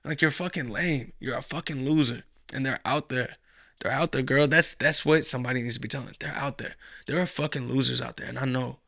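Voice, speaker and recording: Man, reaction host, blunt, profane, gravelly, dry close sound. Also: medium pitch, brisk, fairly bright tone, no room sound. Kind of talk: reaction commentary.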